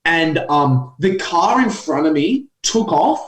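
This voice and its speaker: A young Australian man, a comedian guest, telling animated stories with lots of swearing and laughter in casual podcast chat. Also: on the high side, slow. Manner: animated storytelling, laughs often, swears freely.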